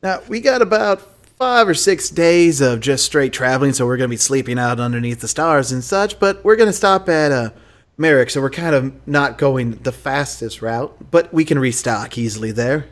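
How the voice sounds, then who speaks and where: A man narrating as game master in a tabletop role-playing session, relaxed and laughing as he tells the scene. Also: medium pitch, normal speed. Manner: relaxed, laughing, loose storytelling.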